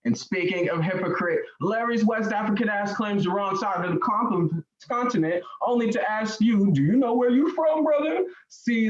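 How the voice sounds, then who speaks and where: A man performing a spoken word poem at a slam over a remote video call, with a punchy, rhythmic, sardonic delivery. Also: high voice. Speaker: slam poet. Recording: roomy, muffled sound.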